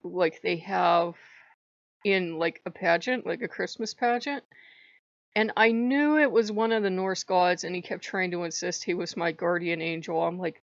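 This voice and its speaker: A woman's voice: fairly low pitch, gravelly, no echo, lo-fi sound. A woman host chatting casually in a vlog, talking in loose digressions and laughing often. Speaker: channel host. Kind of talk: casual rambling vlog chat.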